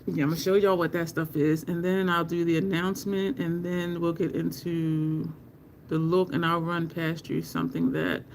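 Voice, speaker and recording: A woman hosting a makeup livestream from home, talking slowly and rambling while she greets viewers from the chat. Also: fairly low pitch, level tone, darkish tone, slight background noise.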